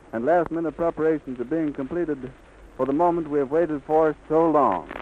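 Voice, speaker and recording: A man giving a live on-the-scene radio report, with vivid, flowing eyewitness description on a 1930s disc recording. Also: fairly high pitch. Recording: dull, lightly hissy 1930s disc recording.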